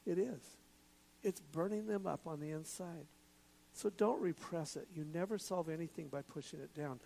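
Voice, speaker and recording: A man giving a sermon in a relaxed, conversational way, with jokes and asides. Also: sits high, vocal fry, slightly rough, low-quality recording. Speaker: pastor.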